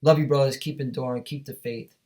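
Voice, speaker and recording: A man's voice: medium pitch, steady tone, brisk, darkish tone. A man teaching from scripture, reading verses aloud and then commenting on them emphatically while often checking in with his listeners. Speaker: Bible teacher.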